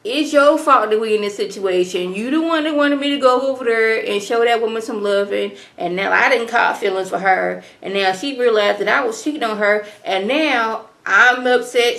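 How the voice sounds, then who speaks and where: A woman's voice: mid-range voice, a bit bright, natural voice. A woman paraphrasing a defensive man arguing with his ex-girlfriend, in a loose, slangy way and close to her own voice.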